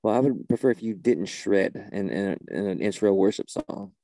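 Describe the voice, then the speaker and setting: A man's voice: lowish voice, lively intonation, moderate pace, vocal fry, warm tone. A man leading a church service in a comedy sketch, talking in an exasperated, flustered way and often repeating himself.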